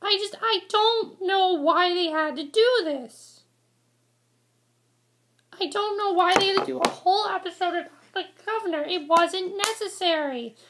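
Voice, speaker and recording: A woman's voice: very high voice, a little slow, fairly bright tone. A woman giving a casual, exasperated review rant to camera, rambling and repeating herself. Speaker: vlogger reviewing a TV episode.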